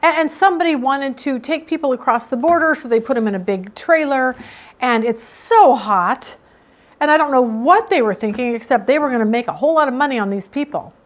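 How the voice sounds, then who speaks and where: High-voiced woman teaching the Bible. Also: fairly quick. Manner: emphatic, storytelling.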